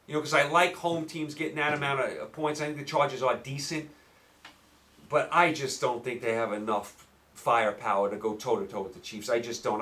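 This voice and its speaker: A man with a New York accent hosting a solo football picks show, rambling and animated, firing rhetorical questions at listeners. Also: mid-range voice. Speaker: sports betting podcast host. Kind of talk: solo sports picks talk.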